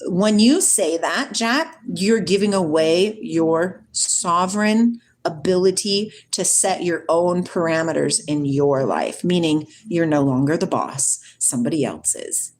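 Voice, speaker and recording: A woman hosting a casual spiritual livestream. She reads aloud, greets viewers by name, laughs often and drifts off on tangents. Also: fairly low pitch. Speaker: livestream host reading viewer comments.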